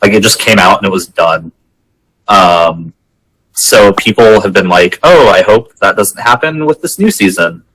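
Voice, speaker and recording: A man's voice: fairly low pitch, expressive, a little slow, fairly bright tone, low-quality recording. A man co-hosting a podcast in casual chat, laid-back and hesitant, often restarting his sentences. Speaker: podcast co-host.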